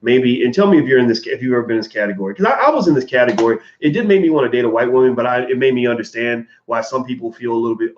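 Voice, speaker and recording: A man's voice: mid-range voice, lively intonation, rapid-fire, hardly any pauses. A man hosting a livestream, answering viewer donations in casual, candid commentary with many fillers and restarts. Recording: roomy, dull lo-fi sound.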